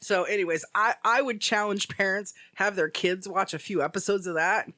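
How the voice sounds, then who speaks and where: Bright, high-voiced rambling man. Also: normal speed, no echo. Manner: rambling storyteller, heavy use of "like". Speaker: podcast co-host. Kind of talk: casual chat.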